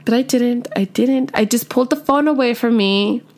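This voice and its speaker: A young woman, telling a storytime vlog in an animated, chatty way full of "like" and "literally". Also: a little high, moderate pace. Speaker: vlogger.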